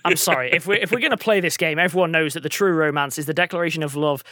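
A game master, narrating a tabletop game with quick jokes and frequent laughs. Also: mid-range voice, sharp tone, no echo, studio quality. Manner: quick joking asides, laughs often. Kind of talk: playful game narration and banter.

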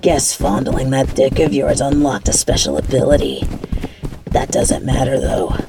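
A woman's voice: a bass voice, a little slow, creaky, noisy background, exaggerated voice. A woman voicing a cocky, mean female bunny villain who taunts and swears in an audio role-play. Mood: taunting. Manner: taunting, mocking, swears a lot.

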